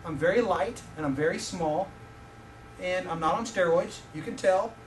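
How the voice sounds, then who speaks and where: A man in his fifties preaches from a distance in an echoey hall, his voice pitched high for a man. He tells personal stories with animation and teases his listeners. A faint hiss hangs under his words. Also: moderate pace. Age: 50s. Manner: animated, joking with the audience. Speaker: visiting preacher. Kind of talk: sermon with personal storytelling.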